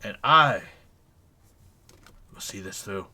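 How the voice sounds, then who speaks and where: Pompous halfling aristocrat, loud and haughty, bright-voiced, put on by a man. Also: fairly low pitch, expressive, takes it slowly, slight background noise, exaggerated voice. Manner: haughty, indignant, self-important. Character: pompous wealthy male halfling gentleman.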